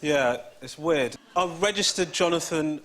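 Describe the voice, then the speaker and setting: A man telling funny stories as a comedian guest on a chat show, animated and self-mocking, often laughing mid-sentence. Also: fairly high pitch, a little slow, a little hiss or hum. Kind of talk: comic chat show storytelling. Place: television studio with audience. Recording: loud studio audience laughter behind.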